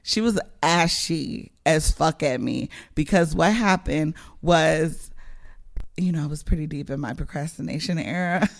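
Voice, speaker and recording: A young woman telling a story on a podcast. Her talk is casual and animated, full of swearing, and she laughs often. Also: low voice, measured pace, vocal fry. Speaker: podcast co-host.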